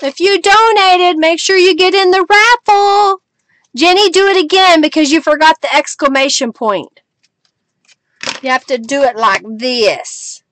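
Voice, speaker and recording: A woman's voice: extremely high pitch, a little slow, fairly bright tone. A middle-aged woman hosting a live crafting stream, chatting with viewers as she works and laughing often. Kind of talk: casual live-stream chat.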